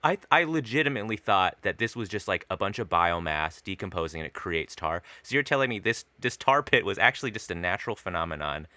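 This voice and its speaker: Man, podcast co-host, casual chat, lively swinging pitch, bright tone, swears a lot, laughs easily. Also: fast, few pauses, dry recording. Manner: excitable, swears, laughs often.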